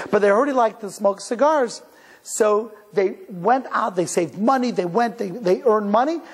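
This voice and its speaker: His voice sits high with a breathy edge, echoing with long hall reverb as this Cleveland, Ohio rabbi addresses a live crowd. He narrates stories in a chatty way, restarting lines and chuckling together with the audience.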